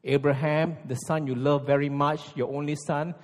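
A man preaching a sermon, emphatic and full of rhetorical questions, at times dropping to a hushed intensity. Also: medium pitch, slow. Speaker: pastor. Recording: long hall reverb.

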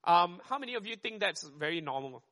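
A man preaching a sermon, talking fast and conversationally and often checking in with "right?". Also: high voice, animated, bright, forceful tone.

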